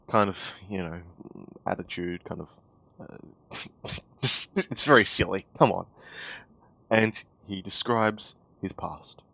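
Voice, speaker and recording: A man's voice: on the low side, expressive, unhurried, vocal fry, pushed and bright, no echo. A man giving sarcastic, incredulous commentary for an online video. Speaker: commentary YouTuber.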